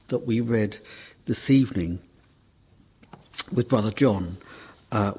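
A man giving a Bible class talk in a measured, emphatic preaching style, repeating key words for stress. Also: on the low side, darkish tone, breathy edge. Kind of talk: sermon.

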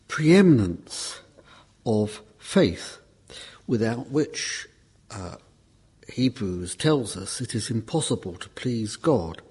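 Slow, husky-voiced man preaching. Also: mid-range voice, darkish tone. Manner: measured, emphatic, repeats key words for stress. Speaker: lay preacher giving a Bible class talk. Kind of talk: sermon.

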